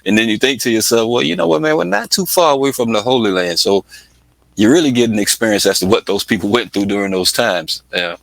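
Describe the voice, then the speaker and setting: A middle-aged Atlanta man who manages music projects is a guest on a casual interview, chatting through stories, laughing a lot and doing voices. His voice is fairly low, fast and gravelly, captured dry with no room sound on a rough recording.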